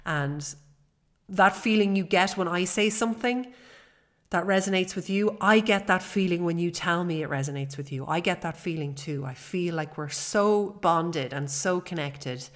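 A woman's voice: lowish voice, moderate pace. A woman, hosting a personal podcast in an earnest, chatty way with fillers. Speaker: podcast host.

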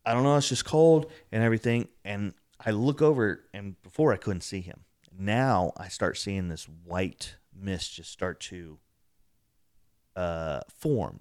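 A man casually telling an excited story about a paranormal investigation, acting out what was said. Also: no echo, clean studio sound. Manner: excitable, acts out quotes, rising pitch when telling.

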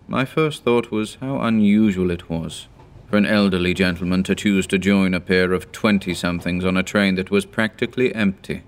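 A man in his thirties narrating a horror story in a measured, grave manner. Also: deep voice.

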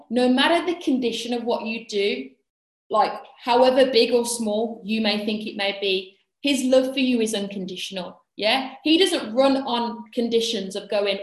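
A woman giving an earnest devotional talk to young people, often checking in with a quick "yeah?". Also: mid-range voice. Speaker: youth speaker. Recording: echoey room.

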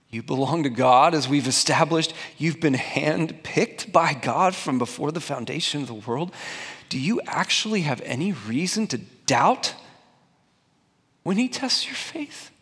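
A man's voice: mid-range voice, expressive, moderate pace, fairly bright tone, husky, long reverb tail. A young adult man preaching a conversational, emphatic sermon to a congregation, asking them questions. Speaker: pastor. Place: church sanctuary before a congregation.

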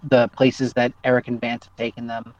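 A man's voice: mid-range voice, flat delivery, fairly quick, darkish tone, dry recording. A man, a podcast guest, chatting enthusiastically about games, with many ums and restarts. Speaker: podcast guest, game writer. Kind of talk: casual chat about tabletop games. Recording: dry, dull lo-fi mic.

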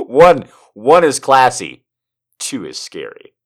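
A man's voice: medium pitch, wildly swooping pitch, slow pace, fairly bright tone. A man reading an erotic story aloud for laughs, mock-dramatic, breaking off into swearing and laughing asides. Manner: mock-dramatic, swinging from whispers to shrieking, frequent laughter and swearing.

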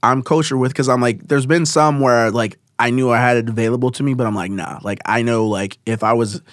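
A man's voice: mid-range voice, fairly even intonation, fairly quick, dry recording, studio quality. Rambling laid-back man. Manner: rambling, lots of fillers and laughs. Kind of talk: casual podcast chat.

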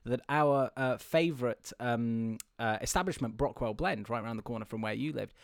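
A man's voice: mid-range voice, moderate pace, creaky, no echo, clean studio sound. A young man hosting a podcast, telling long rambling stories, stumbling over words and laughing often. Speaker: podcast host. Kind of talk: casual podcast chat.

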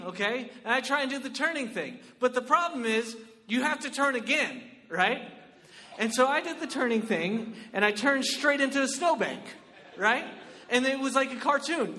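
A male comedian telling a stand-up story in an animated, exclamatory way, often asking "right?". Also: very high voice, big-room sound.

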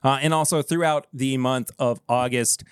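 An upbeat man co-hosts a casual talk podcast, his voice sitting in a mid register. He pitches the show in a chatty way. The recording is dry and close, with no room sound. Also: steady tone, moderate pace, clear, resonant tone, no echo. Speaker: podcast co-host. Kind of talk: casual chat.

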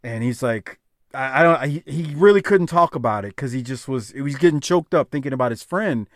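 A man's voice: mid-range voice, expressive, a little fast, no room sound, studio quality. A man hosting a podcast, talking casually in a rambling, heartfelt way with many restarts. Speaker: podcast host.

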